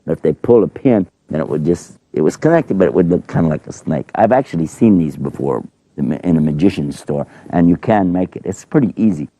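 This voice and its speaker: A man telling a religious story to children in a folksy, animated way. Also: low-pitched, brisk, dry recording.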